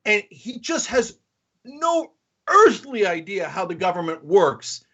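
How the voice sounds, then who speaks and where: A man with a high, lively voice gives opinionated political commentary, mocking and animated. The sound is dull and lo-fi. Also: slow pace, husky. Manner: animated, mocking, mimics others in exaggerated voices.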